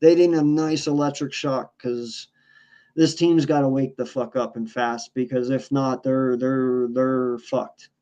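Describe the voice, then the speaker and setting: A man's voice: mid-range voice, fairly even intonation, a little slow, warm tone. A man co-hosting a sports podcast, ranting in a heated, profane, casual way. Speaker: podcast co-host.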